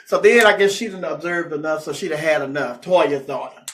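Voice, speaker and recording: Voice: medium pitch, fairly quick, slight background noise. A comedy talk show host telling a gossip story in casual, sassy chat and acting out the people in it.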